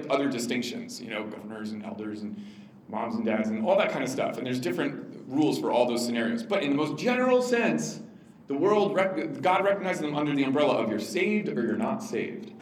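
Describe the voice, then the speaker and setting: A man giving an informal teaching talk to a church audience about parenting, conversational, with many fillers and lively quoted asides. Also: fairly high pitch, echoey room, a little hiss or hum, low-quality recording. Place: room with an audience.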